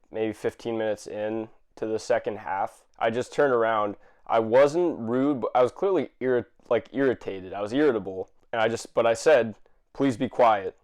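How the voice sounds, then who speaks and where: A man ranting to camera, exasperated and swearing, with many fillers and restarts and sudden bursts of shouting. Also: medium pitch, clean tone. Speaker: vlogger. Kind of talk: angry rant to camera.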